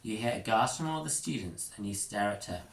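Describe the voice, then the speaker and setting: A man reading an interactive story aloud, expressive and doing character voices. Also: fairly low pitch, fairly quick, vocal fry. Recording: echoey room with faint noise.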